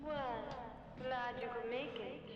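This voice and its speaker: A woman's voice: fairly high pitch, fairly even intonation, slow, lo-fi sound, slight background noise. A woman voicing a scheming female villain in video game cutscene dialogue, speaking in a condescending, mocking way.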